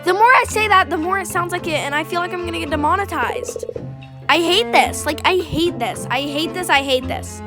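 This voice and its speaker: A woman's voice: very high voice, lively intonation, a little fast, over music. A young woman chatting casually and self-consciously while playing a game, rambling, apologizing and swearing. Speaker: gaming video creator. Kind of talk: casual gameplay commentary.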